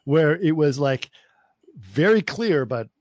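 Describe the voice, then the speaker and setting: A man's voice: on the high side, animated, slow, darkish tone, no room sound. Guy rambling on a podcast, keeps saying right?, dry close mic. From Texas. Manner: rambling, emphatic, frequent restarts and "right?" checks. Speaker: podcast co-host. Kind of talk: casual chat.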